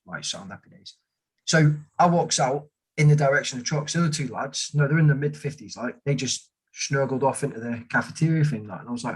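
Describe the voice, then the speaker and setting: A husky man, his pitch in a plain middle range, chatting casually. He tells relaxed stories and keeps calling his friend mate. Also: brisk. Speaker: guest, army veteran. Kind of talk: casual chat.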